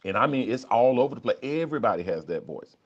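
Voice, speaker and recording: A man's voice: medium pitch, very animated, fast talker. A man talking candidly on a livestream as a life coach, often repeating and restarting his words. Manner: repetitive restarts, candid, conversational. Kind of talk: livestream talk reading chat. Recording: dull lo-fi.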